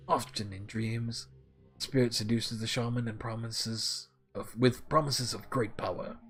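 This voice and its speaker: A man voicing a grave, learned older male scholar who lectures in a low, ominous way. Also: fairly bright tone.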